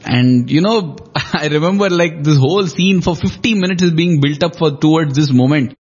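A man's voice: on the high side, moderate pace, a little mellow, husky, muffled recording. A man in a devotional discussion, retelling scenes reflectively and acting out quoted lines with shifting emphasis.

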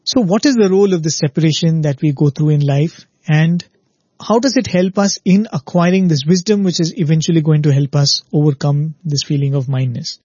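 A man's voice: a little high, brisk, mellow, slightly rough, no echo, lo-fi sound. A man giving a spiritual talk who tells a parable earnestly and keeps checking in with the listener. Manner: earnest, repeats "very, very" and asks "right?". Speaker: spiritual speaker.

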